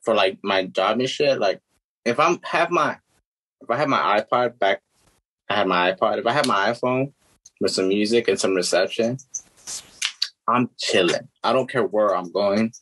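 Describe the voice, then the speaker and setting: A man's voice: lowish voice, normal speed, long pauses, fairly bright tone, breathy edge, low-quality recording. A young man co-hosting a podcast, telling loose, profane, rambling stories in casual chat.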